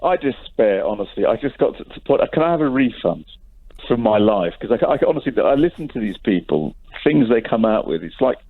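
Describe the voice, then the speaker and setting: A man's voice: on the low side, big pitch swings, a little fast. A man calling in to a radio show, ranting and rambling in despair. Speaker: caller. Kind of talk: phone-in call. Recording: tinny phone line.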